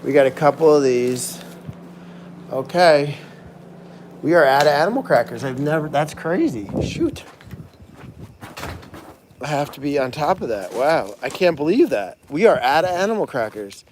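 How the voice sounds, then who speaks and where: An excitable, chatty man hosts a casual livestream from an animal sanctuary barn. His voice sits a bit high for a man, and he thanks donors by name as he talks. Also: noisy background. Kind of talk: casual live-stream chat.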